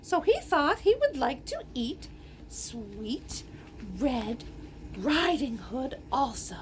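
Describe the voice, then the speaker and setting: A woman reads a fairy tale aloud in a very high, lively voice, taking her time over each line. She reads with animation, gasping and dropping in playful asides, and there is a faint hiss behind her. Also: takes it slowly. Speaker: storyteller.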